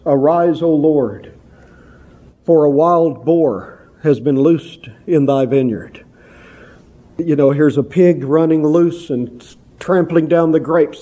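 A male preacher delivering a sermon in a warm, darkish voice that sits a little high for a man. He drives his points home with repetition and often turns to the listeners as "my friends.". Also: breathy edge. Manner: emphatic, repeats phrases, addresses listeners as "my friends".

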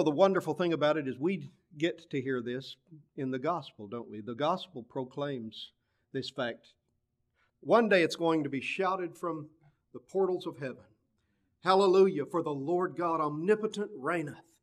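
Man preaching, pitch on the high side, voice swells then drops way down low, reads old bible wording. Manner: preaching cadence, swelling louder and dropping low on scripture; quotes scripture in King James wording. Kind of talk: sermon.

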